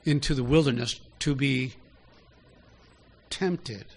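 A man's voice: mid-range voice, slow pace, gravelly, slightly rough. A man preaching a sermon in an easy, conversational way, often asking his listeners direct questions.

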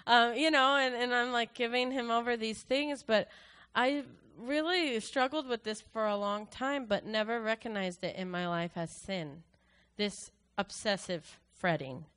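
A woman's voice: a little high, a little slow, a bit bright, clean tone. Earnest woman sharing a church testimony. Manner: conversational and earnest, retelling scripture in her own words. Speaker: church member giving a testimony. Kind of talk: personal testimony at a church gathering.

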